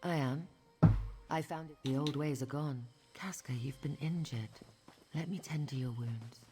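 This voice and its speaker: A woman's voice: very deep voice, a little slow, mellow, soft background music. A woman voicing a proud, commanding elf queen in a video game, speaking formally and regally. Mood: resolute. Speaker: game character.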